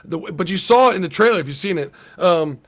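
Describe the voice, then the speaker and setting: Gravelly, animated man reviewing a movie. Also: high-pitched. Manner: animated, swearing, acts out scenes in quick voices. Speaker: podcast co-host. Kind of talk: casual movie review chat.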